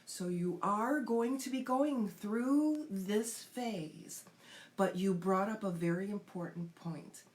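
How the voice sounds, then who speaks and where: A woman's voice: mid-range voice, slow pace. A woman spiritual coach teaching a class, explaining step by step in an earnest way and acting out inner voices.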